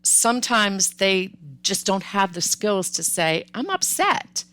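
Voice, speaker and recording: A woman hosts her own parenting podcast and talks to listeners in a friendly, upbeat way. She is close on the mic and the room sounds dry and dead. She has a mid-pitched voice and sometimes slips into the voices of the parents and kids she describes. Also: slow, a bit bright, clear, resonant tone, dry recording. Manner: upbeat, conversational, acts out child and parent lines. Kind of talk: solo podcast advice talk.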